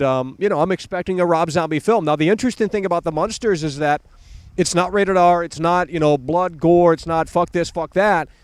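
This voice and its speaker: A fairly high-voiced young man hosts a live stream, speaking close to a dry mic. He rambles and swears constantly, full of fillers and repeated words. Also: smooth, no room sound. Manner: profane, animated, with many fillers and repeats. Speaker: host of a live horror film stream. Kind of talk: casual live-stream commentary.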